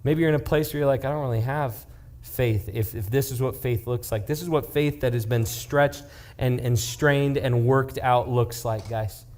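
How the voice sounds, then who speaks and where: Young male youth pastor, conversational sermon storyteller, mid-range voice. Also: medium pitch. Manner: casual, animated retelling with acted-out quotes and sudden hushed asides.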